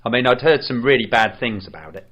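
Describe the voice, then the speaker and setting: A man co-hosting a podcast, chatting casually about a film in a hesitant, rambling way with many pauses and fillers. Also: medium pitch, animated, dull audio. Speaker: podcast co-host. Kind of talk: casual film review chat.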